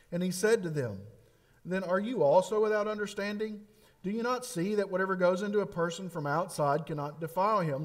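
A man preaching a sermon, emphatic and repetitive, with dramatic pauses. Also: high voice. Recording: long hall reverb.

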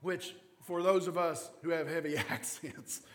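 Male pastor, Kentucky mountain accent, slightly higher voice, animated sermon, long hall reverb. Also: a little slow. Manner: animated storytelling, acts out quoted voices.

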